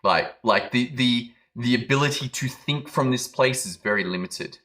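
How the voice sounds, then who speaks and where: A man's voice: medium pitch, expressive, moderate pace, hardly any pauses, fairly bright tone. A man giving a motivational business talk, telling a dramatic story and acting out quoted lines. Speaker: business coach.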